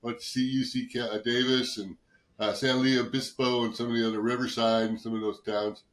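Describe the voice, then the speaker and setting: A man's voice: mid-range voice, flat delivery, a little fast, reverberant. A man in his sixties, a guest on a podcast, telling long casual anecdotes, swearing and acting out what others said. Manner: rambling anecdotes, swears, acts out quoted voices. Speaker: guest, former football player. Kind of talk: casual storytelling interview.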